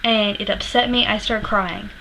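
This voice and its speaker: A woman's voice: medium pitch, fairly even intonation, moderate pace, vocal fry, sharp tone, a little hiss or hum, rough recording. A young woman telling a concert story in a casual vlog, candid and rambling, swearing freely and laughing often. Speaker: music vlogger.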